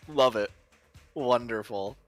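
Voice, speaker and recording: A man's voice: medium pitch, slow pace, faint music behind. A man acting as game master, narrating a tabletop game in an easygoing way and chuckling often as he makes rulings. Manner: chuckling, easygoing rules calls.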